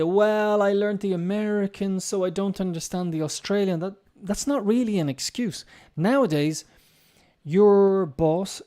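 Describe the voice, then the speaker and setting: A man's voice: fairly high pitch, mellow. An English teacher with an Irish accent, musing in a casual live-stream chat and talking directly to his viewers. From Ireland.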